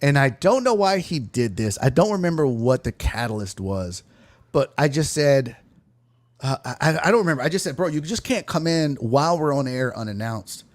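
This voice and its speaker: A man's voice: medium pitch, normal speed. A man, a comedian and sports talk host, telling a crude story as a guest in casual chat. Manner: profane, animated storyteller.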